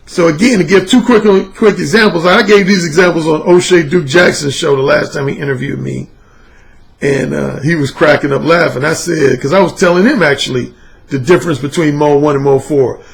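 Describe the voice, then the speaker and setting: A man's voice: fairly high pitch, a little fast, vocal fry. A man and dating coach delivering a casual vlog monologue, emphatic, profane and repetitive as he hammers his points home.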